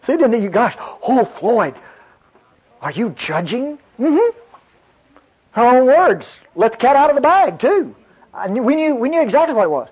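A pastor preaches a folksy sermon, telling a story and calling out to his congregation, captured in a dull lo-fi recording. His very high voice swings widely in pitch, fairly quick, a little mellow, with a breathy edge.

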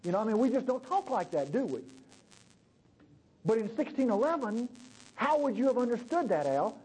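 Guy preaching a sermon, pretty high voice, keeps asking the congregation stuff like he's chatting with them. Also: very animated, moderate pace, pauses often, darkish tone, breathy edge, low-quality recording. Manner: conversational, asks the congregation questions. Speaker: pastor.

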